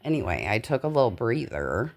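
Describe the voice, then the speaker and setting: Animated woman with a gravelly voice. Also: a bass voice. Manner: candid, profane, rambling and animated; pauses to catch her breath. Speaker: vlogger. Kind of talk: casual voiceover monologue. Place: dark living room at home. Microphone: home voiceover mic.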